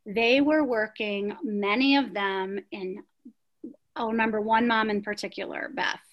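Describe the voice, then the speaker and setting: A woman's voice: medium pitch, fairly even intonation, unhurried, lo-fi sound. A middle-aged woman, founder of a prenatal yoga studio, telling her story in an interview with emphatic rhetorical questions.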